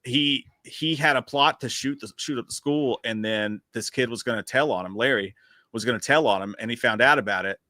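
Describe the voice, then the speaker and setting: A man's voice: medium pitch, brisk, pushed and bright, no room sound, studio quality. A man co-hosting a casual live stream, reading viewer comments aloud and chatting in a laid-back, profane way.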